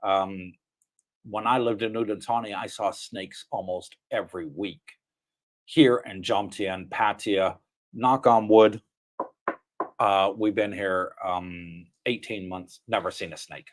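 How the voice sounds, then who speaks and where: A man's voice: fairly low pitch, steady tone, slow. A man hosting a casual livestream from his home, greeting viewers by name and chatting about news. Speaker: livestream host. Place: home in Thailand.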